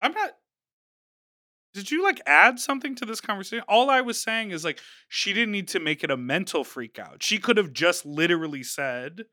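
A man co-hosting a casual podcast chat, recapping a reality show and acting out quotes with animated energy. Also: a little high, dry recording, studio quality. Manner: animated, quick to act out quotes. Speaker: podcast co-host.

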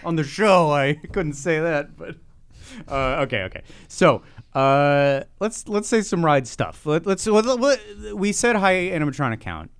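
A man co-hosting a podcast in casual chat, excitable and laughing often, tripping over his words. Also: on the high side, a little slow, clear, resonant tone, no echo. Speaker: podcast co-host.

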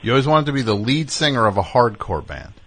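A man's voice: medium pitch, quick pace. A man hosting a call-in radio show, chatting loosely with callers in a rambling way full of fillers. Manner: relaxed, rambling, many fillers. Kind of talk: casual call-in chat.

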